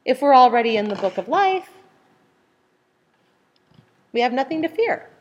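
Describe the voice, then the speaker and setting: Animated woman leading a Bible study. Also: normal speed, muffled recording. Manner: animated, acts out voices with sudden high outbursts. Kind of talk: casual group Bible study.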